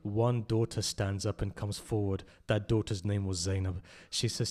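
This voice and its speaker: A man speaks at a mourning gathering in a religious centre's hall, reciting with passion that swells into loud cries and then drops low. He often questions his listeners directly, at normal speed with a level tone and hardly any pauses.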